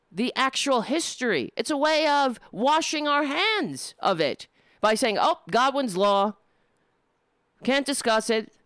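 Impassioned woman ranting, slow and smooth. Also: high-pitched, a bit bright, dry recording, studio quality. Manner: impassioned, indignant, with halting restarts. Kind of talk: opinion monologue.

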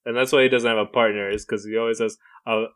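A man's voice: fairly low pitch, little pitch movement, fast talker. A young man co-hosting a podcast, joking and laughing while making up a story with friends. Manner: joking, laughs often, tries out silly voices. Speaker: podcast co-host. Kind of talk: casual banter, improvising a story.

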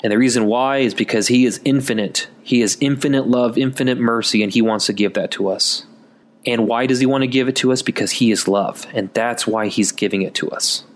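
A man's voice: medium pitch, steady tone, fairly quick. A man giving a conversational Catholic Advent sermon in a folksy, chatty way, calling listeners folks. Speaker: Catholic preacher.

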